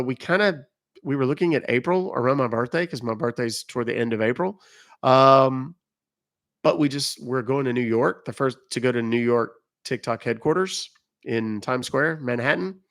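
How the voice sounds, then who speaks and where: A man's voice: mid-range voice, normal speed. A middle-aged man chatting casually on a live stream, rambling and joking as he reacts to viewer comments. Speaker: live streamer reading chat.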